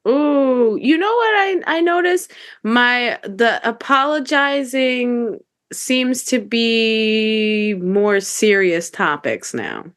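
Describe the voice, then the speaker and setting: A woman's voice: on the high side, lively intonation, takes it slowly, fairly bright tone. A woman co-hosting a podcast in casual chat, telling stories candidly and animatedly, with some swearing. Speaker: podcast co-host.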